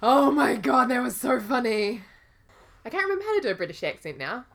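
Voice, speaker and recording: A woman's voice: on the high side, sing-song, a little fast, gravelly. A woman co-hosting a casual podcast chat, teasing and laughing often while she talks. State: recovering from illness. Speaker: podcast co-host.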